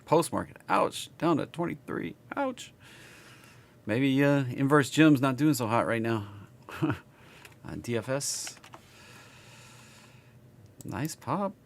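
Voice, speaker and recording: A man's voice: medium pitch, gravelly. A man with a Southern accent, casually reading stock charts on a live stream and chatting with viewers.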